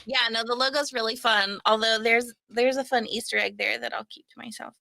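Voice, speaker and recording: A woman co-hosting a casual live chat, telling animated stories and laughing often. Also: a little high, a little fast, vocal fry, no room sound. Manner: animated, giggly storyteller. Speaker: show co-host.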